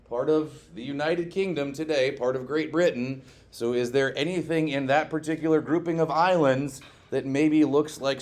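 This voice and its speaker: Male classroom teacher, mid-pitched, joking and animated, keeps quizzing students. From Scotland. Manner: lively, joking, asks the class questions and adds "okay?" often. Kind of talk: classroom lecture.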